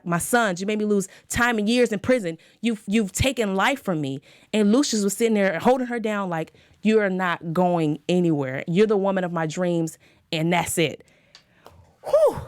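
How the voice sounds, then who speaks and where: A young woman hosting a casual TV recap show, animated and dramatic, laughing often and talking straight to her viewers. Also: medium pitch, no room sound, clean studio sound.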